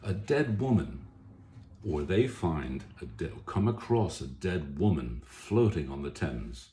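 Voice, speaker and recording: Low-voiced guy author rambling about a book, lots of pitch jumps, echoey room with faint hiss. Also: sing-song, slow pace, warm tone. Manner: chatty, rambling, self-correcting. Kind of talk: casual book talk to camera.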